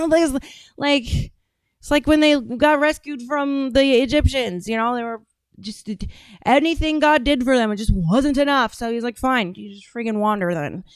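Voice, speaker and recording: Reaction host lady, rambling blunt commentary, crisp and dry. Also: high voice, a little slow, dry recording.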